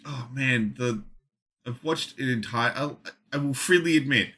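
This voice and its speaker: Bright-voiced Australian man, wry asides. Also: mid-range voice, unhurried. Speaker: podcast co-host. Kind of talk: casual chat.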